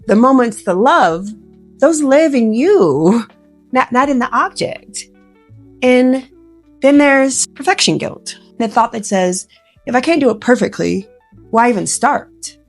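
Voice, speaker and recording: A woman, a professional organizer, giving earnest, emotional and gently reassuring advice straight to the viewer. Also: medium pitch. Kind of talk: heartfelt direct-to-camera advice.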